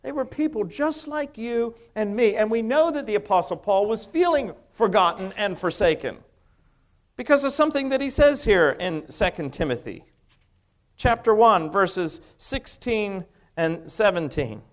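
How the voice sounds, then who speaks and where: A man's voice: sits high, lively intonation, unhurried. A middle-aged male pastor preaching a sermon, emphatic, with many rhetorical questions.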